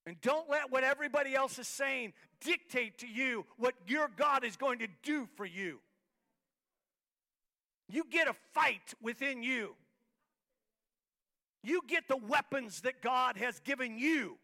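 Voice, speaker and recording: A man preaching a sermon as pastor, his voice sitting very high with a piercing, bright edge. He builds rhythmic, repeated lines and swings from quiet talk to full shouts. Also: measured pace, pauses often. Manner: repetitive, rhythmic emphatic phrasing. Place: church hall, live-streamed service.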